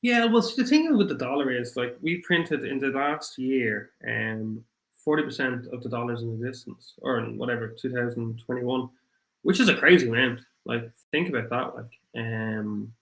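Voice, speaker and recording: A man with an Irish accent hosting a casual livestream, rambling and apologetic, his voice getting rough after hours of talking. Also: mid-range voice, normal speed, a bit bright, reverberant, poor audio. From Ireland. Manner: rambling, apologetic, thinks aloud with many fillers. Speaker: crypto livestream host. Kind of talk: casual livestream chat, reading viewer comments.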